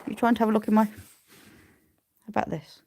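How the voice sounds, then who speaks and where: A woman's voice: medium pitch, monotone, fairly quick, mellow. A woman keeping sheep, chatting casually on a livestream, answering viewer questions and cooing at her animals. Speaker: sheep keeper and livestream host.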